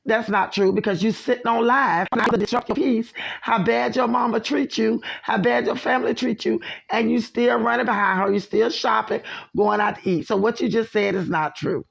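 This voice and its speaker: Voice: medium pitch, steady tone, normal speed, creaky, hardly any pauses. A commentator in their fifties reacting bluntly to a clip, talking straight to viewers and calling out behavior. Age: 50s. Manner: blunt, judgmental, addresses viewers as y'all. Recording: dull lo-fi recording.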